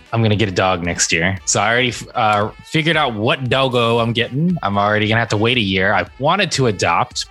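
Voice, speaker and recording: Joking man with a low voice. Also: a bit bright. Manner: joking, rambling. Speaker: podcast co-host. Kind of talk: casual chat.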